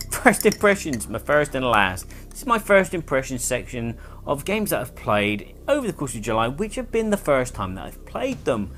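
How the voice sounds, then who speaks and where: Speaking at a moderate pace in a mid-range voice that sounds pushed and bright, this man is very animated, with soft music playing behind him. He's hosting a laid-back board game review, rambling through the rules with fillers and corrections in a casual monthly chat.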